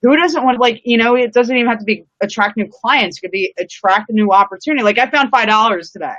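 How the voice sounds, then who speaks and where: A woman's voice: on the high side, fast talker, a bit bright, no echo. A woman hosting a live-streamed chat outdoors, talking in a rambling, casual way full of "like" and "you know", with the odd swear word. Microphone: live-stream setup. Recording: dull, dry lo-fi sound.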